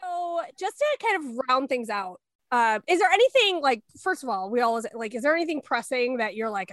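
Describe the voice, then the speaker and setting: A woman with a high, bright-pitched voice co-hosts a podcast and steers the interview. The sound is close and dry, and she talks quickly, full of likes and restarts. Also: expressive, no room sound. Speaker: podcast co-host. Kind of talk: casual interview chat.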